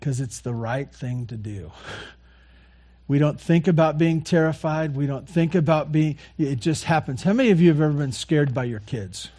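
A man preaching a sermon, earnestly repeating key phrases and moving between quiet, soft lines and louder passages. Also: a little high, normal speed. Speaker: pastor.

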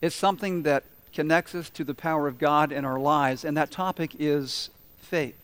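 A man's voice: on the high side, steady tone, normal speed, fairly bright tone, smooth. A man preaching a sermon, telling humorous stories and asking the congregation questions. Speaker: pastor.

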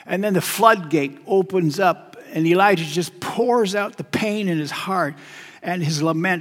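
A male preacher giving a sermon, measured and repetitive, often dropping to a quiet, weighty emphasis. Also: fairly high pitch, creaky. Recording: long hall reverb.

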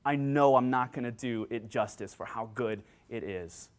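Man, pastor, sermon, handheld mic, earnest, bursts of excitement. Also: mid-range voice, moderate pace. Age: adult with children. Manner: earnest, excitable, acts out joyful quotes. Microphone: handheld microphone.

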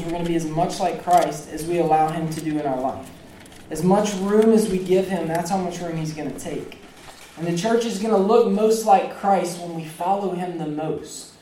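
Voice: mid-range voice, warm tone, echoey room, distant mic, slight background noise, poor audio. A preacher giving a casual, conversational sermon with a personal story, speaking straight to the congregation in a church sanctuary. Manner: conversational, chatty, addresses the congregation directly.

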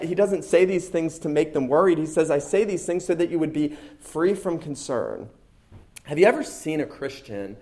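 A man's voice: medium pitch, mellow. Earnest man preaching a sermon. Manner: earnest, emphatic, repeats key phrases. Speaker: pastor.

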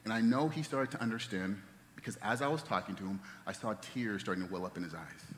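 A man in his thirties preaching a sermon as a pastor, telling stories and dropping to soft, hushed tones at tender moments. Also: on the low side, quick pace, slight background noise. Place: church sanctuary. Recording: long reverb of a church hall.

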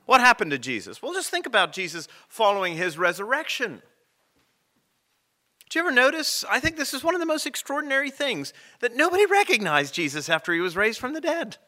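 A man preaching a sermon as rector, telling stories with dramatic pauses. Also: extremely high pitch, big pitch swings, sharp tone.

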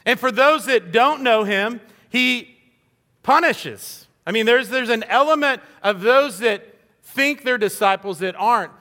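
Guy preaching, high bright voice, chatty and earnest, big hall reverb. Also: lively intonation, measured pace. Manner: earnest, conversational, acts out quoted voices. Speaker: pastor. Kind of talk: sermon.

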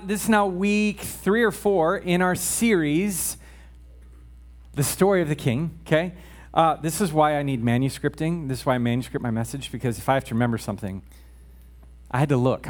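A man preaching a casual sermon in church, chatty with joking asides and frequent check-ins with the congregation. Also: on the high side.

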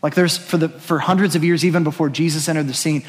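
A man's voice: on the high side, fairly even intonation, fast. Earnest preaching man in a reverberant hall. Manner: earnest, urging, conversational with frequent "like". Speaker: pastor. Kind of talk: sermon.

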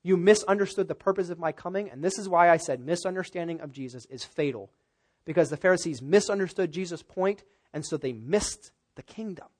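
A man's voice: high voice, fairly quick. Emphatic male pastor preaching. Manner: emphatic, repeats key words, rising to loud stresses. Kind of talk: expository sermon.

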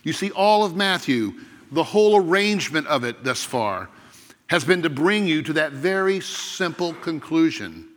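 A man preaching a sermon as pastor, earnest and emphatic, with dramatic pauses. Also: fairly high pitch, big pitch swings, a bit bright, big-room sound.

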